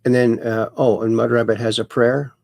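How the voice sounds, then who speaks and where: Gravelly-voiced man hosting a livestream. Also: mid-range voice, flat delivery, moderate pace, a little mellow, dry recording, clean studio sound. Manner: reads viewer comments aloud with playful asides. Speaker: livestream host reading chat. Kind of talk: casual livestream chat.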